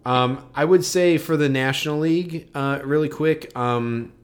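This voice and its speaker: A man co-hosting a podcast, giving easygoing baseball opinions, hedging and trailing off low at the ends of phrases. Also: measured pace. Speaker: podcast co-host. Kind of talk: casual sports chat.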